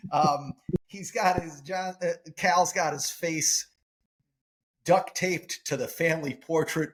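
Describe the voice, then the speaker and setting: A man's voice: medium pitch, a bit bright. A man co-hosting a podcast, casually retelling comedy scenes and laughing through the quoted lines. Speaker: podcast co-host. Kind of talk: casual movie chat.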